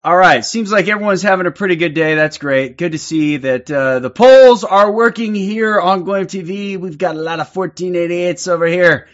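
A man's voice: high voice, normal speed, few pauses, muffled recording. A man hosting a livestream in casual chat, upbeat and greeting viewers one after another. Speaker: livestream host.

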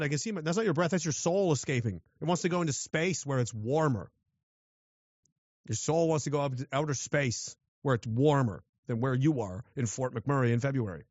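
A man's voice: medium pitch, dry recording, lo-fi sound. A man from western Canada, ranting sardonically and profanely while reading chat on a livestream. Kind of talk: rambling livestream rant.

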